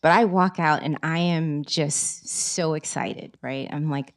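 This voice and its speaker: Woman author, lively storytelling, lowish voice, bookstore talk. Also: moderate pace, hardly any pauses. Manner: lively storytelling, animated quoting. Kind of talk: book reading and conversation. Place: bookstore event.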